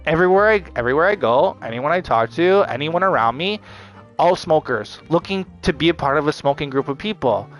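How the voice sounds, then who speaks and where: A man rants through a vlog monologue, cursing freely and circling back over the same complaints with plenty of "like"s. His voice sits a touch high for a man. Faint music plays quietly behind him. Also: expressive, fairly quick. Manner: profane, repetitive ranting with many fillers. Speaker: vlogger. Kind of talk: venting monologue to camera.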